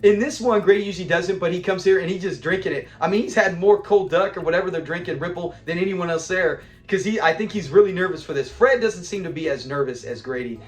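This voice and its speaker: A man hosting a casual episode review, excitable, laughing often and acting out the characters' lines. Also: sits high, quick pace, few pauses. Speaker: episode reviewer, channel host. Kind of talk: casual video commentary.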